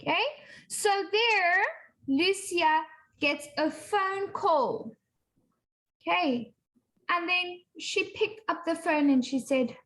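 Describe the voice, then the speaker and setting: Woman English teacher, bright high voice, slow and patient, explains as she reads. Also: poor audio. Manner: slow, patient, explains words and repeats phrases. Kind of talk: reading and explaining a textbook dialogue to pupils.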